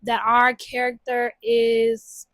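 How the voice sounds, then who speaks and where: A young woman giving casual, chatty book recommendations at home, with lively slang. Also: fairly high pitch, takes it slowly, vocal fry, dry recording. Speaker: book vlogger. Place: home room with a TV.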